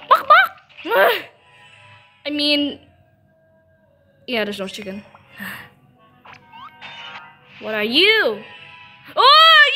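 In a high-pitched, bright and forceful voice, a young teen girl gets excited over her gacha pulls at home for a gaming video. Each result draws squeals, pleading or groans.

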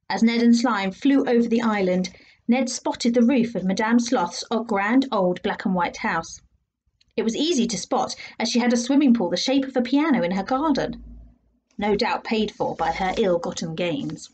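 A woman teacher reads a children's story aloud. Her voice is husky and sits a little high. She plays up the comic bits with sound effects. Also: expressive, normal speed, a little mellow. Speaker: teacher reading a class story.

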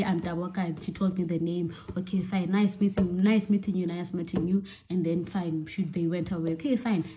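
A young woman telling a story to her viewers in a chatty, animated way, full of fillers and repeated words. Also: fairly low pitch. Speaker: vlogger. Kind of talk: casual storytime vlog.

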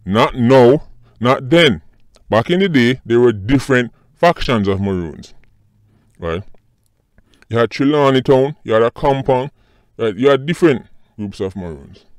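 A Jamaican man hosting a casual commentary vlog, animated and mocking, often calling out to his audience. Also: mid-range voice, a little slow, dry recording, clean studio sound. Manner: animated, mocking, repeats "people" and "right". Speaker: commentary channel host.

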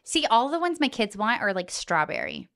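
Woman guest in her 30s, lively storyteller, casual podcast chat. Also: fairly high pitch, moderate pace. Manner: chatty, reflective, animated storyteller.

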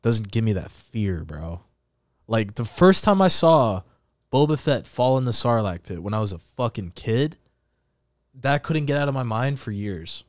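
A man's voice: medium pitch, big pitch swings, measured pace, no echo, clean studio sound. A young man co-hosting a podcast, chatting casually in a laid-back, rambling way. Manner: laid-back, rambling, breaks into rapped lines. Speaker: podcast co-host. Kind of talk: casual chat.

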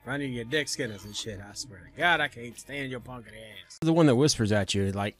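A man streaming a game, trash-talking and swinging from low mutters to sudden yells. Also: fairly quick, hardly any pauses, soft background music. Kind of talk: casual profane gaming commentary.

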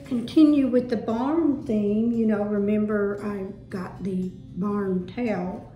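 This home decor vlogger, a Southern woman, chats her way through a casual haul, folksy and gushing about every piece. She has a mellow mid-range voice with fairly even intonation and takes her time. The room echoes, with faint music playing.

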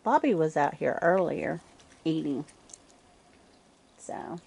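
Older woman, unhurried, calm chatty tone, sweet coaxing coos, outdoors at night. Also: low-pitched, gravelly, breathy edge. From Nova Scotia, Canada. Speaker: wife feeding raccoons at home. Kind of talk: casual chat to camera. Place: outdoors on a porch on a cold night.

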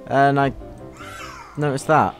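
A man's voice: mid-range voice, flat delivery, slow pace, soft background music. A young man giving crude, swear-filled gameplay commentary as a YouTube gamer, mocking the game as he plays. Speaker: gaming YouTuber.

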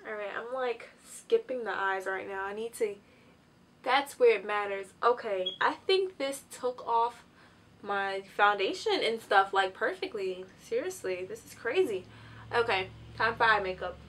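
Young woman beauty vlogger, bright tone, chatty and filler-heavy, sounds tired but gets excited. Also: medium pitch, unhurried, slight background noise. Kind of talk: casual product review. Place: sitting on the floor at home.

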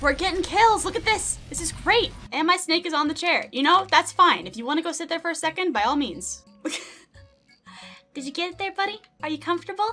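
Young woman, high lively voice, bright tone, giggly gaming chatter, faint music behind. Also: normal speed. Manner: giggly, chatty, talks sweetly to her pet snake. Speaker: gaming YouTuber. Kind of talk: casual gameplay commentary.

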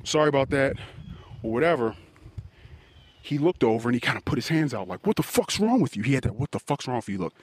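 A man with a husky, fairly low voice tells a story in a profane, confessional monologue. He swears freely and retells a confrontation with hot intensity. Nothing about it sounds rehearsed. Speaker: podcast host.

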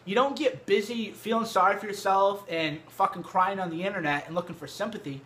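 A man's voice: high-pitched, brisk, a bit bright. A man talking casually to camera in a home setup about books, brash and profane, with heavy emphasis, on a cheap microphone. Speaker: vlogger. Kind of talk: casual direct-to-camera book talk. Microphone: cheap USB microphone.

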